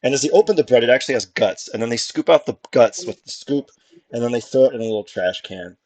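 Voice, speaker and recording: A man's voice: medium pitch, fast. Guy running a tabletop game, describing gross stuff gleefully, laughs a lot. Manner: animated, laughing, gleefully grotesque. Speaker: game master. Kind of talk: improvised tabletop narration.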